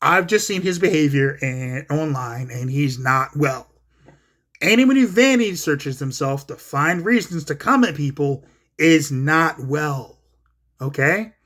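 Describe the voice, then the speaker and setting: This solo commentary host has an animated voice on the high side, fairly bright in tone and measured in pace. He recounts an online argument as a casual, profane, blunt rant, quoting the exchanges back and forth.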